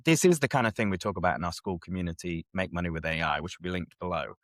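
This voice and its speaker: A man's voice: low-pitched, quick pace, no room sound. A man hosting a casual chat, explaining step by step and often checking that his co-host is following. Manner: animated, keeps checking in with listener.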